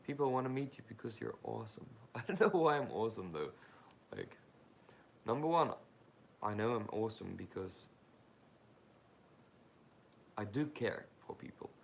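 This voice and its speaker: A young man hosts a casual live Q&A, rambling through viewer questions with plenty of fillers. His voice sits a bit low with a gravelly edge, and a faint hiss hangs under it. He keeps asking his audience directly how things sound. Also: sing-song, moderate pace. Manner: rambling and informal, with frequent fillers; talks straight to viewers, asking them questions. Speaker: YouTuber hosting a live Q&A. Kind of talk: casual livestream chat, answering viewer comments.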